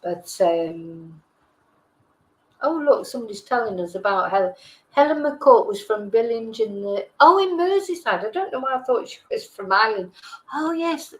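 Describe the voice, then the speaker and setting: A woman's voice: fairly high pitch, expressive, moderate pace, poor audio. A middle-aged woman from England hosting a live stream, chatting casually and reading out viewer comments, with frequent hesitations and self-corrections. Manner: rambling, hesitant, many fillers and self-corrections. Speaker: livestream host.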